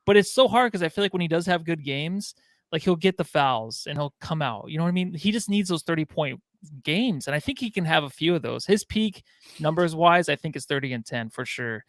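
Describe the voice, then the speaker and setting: A man with a fairly high voice co-hosts a casual sports podcast. He rambles loosely, throwing in swearing and filler. The sound is dry and close. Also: animated, brisk, dry recording. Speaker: podcast co-host.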